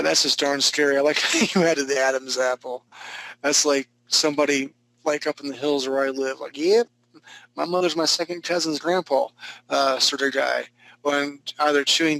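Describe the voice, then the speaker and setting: A male art instructor talks through student sketches in a relaxed, encouraging way. His voice is gravelly and bright, and his pitch stays flat and level as he restarts his sentences. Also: no room sound, low-quality recording. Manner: casual, encouraging, joking, with frequent restarts. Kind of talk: live online class critique.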